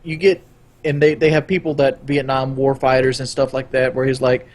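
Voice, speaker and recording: A young adult man hosting a casual podcast, rambling and animated and swearing freely. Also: mid-range voice, brisk, few pauses. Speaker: podcast host.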